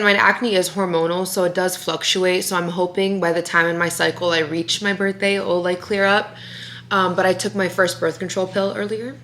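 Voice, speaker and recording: A woman's voice: lowish voice, a bit bright. A woman in her twenties chatting casually to her viewers in a home vlog, filming on a handheld camera, with lots of "like" and "you guys". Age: 20s. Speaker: vlogger.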